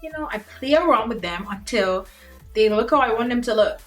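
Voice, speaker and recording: A woman's voice: on the high side, animated, a little fast, soft background music. A young woman talking through a makeup tutorial in a chatty, playful way, speaking directly to her viewers. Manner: chatty, playful, addresses viewers as guys and sis. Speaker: beauty vlogger. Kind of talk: casual makeup tutorial chat.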